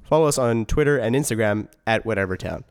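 A man's voice: lowish voice, animated, fast talker, clean tone. A man hosting a casual podcast, playfully reading out the show's credits and sign-off. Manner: playful, reads show credits. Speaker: podcast host.

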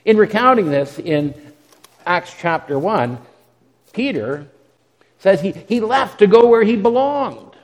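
A pastor preaches a sermon with earnest feeling, his high-pitched voice very animated as he moves slowly with long pauses. When he restarts he often repeats words, and he throws in dramatic quoted asides. A long hall reverb surrounds the recording.

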